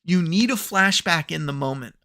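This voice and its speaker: Brief: male reviewer, sarcastic and profane, slightly high, gravelly. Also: expressive, normal speed, bright, forceful tone. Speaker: podcast host. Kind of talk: ranting TV review.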